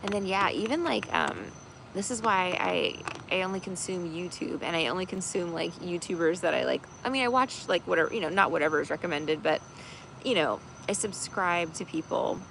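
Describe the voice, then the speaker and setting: A woman host chats casually on a livestream in a strongly gravelly, creaky voice. She rambles, leans on fillers and laughs easily as she talks. Faint background noise sits under her voice. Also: on the low side, a little fast, a bit bright, rough recording. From United States. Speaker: tarot reader and channel host.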